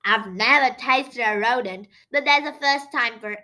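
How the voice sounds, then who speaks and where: A woman's voice: on the high side, unhurried, bright, forceful tone, poor audio. A woman doing a snarling hungry shark. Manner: snarling, then wailing like a child. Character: hungry bullying male shark, snarling then whiny.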